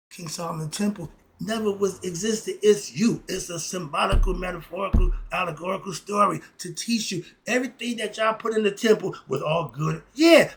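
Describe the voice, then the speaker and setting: Blunt, gravelly middle-aged man ranting. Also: high-pitched, a bit bright. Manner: blunt, preachy, slangy. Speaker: philosophy vlogger. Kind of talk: casual ranting monologue.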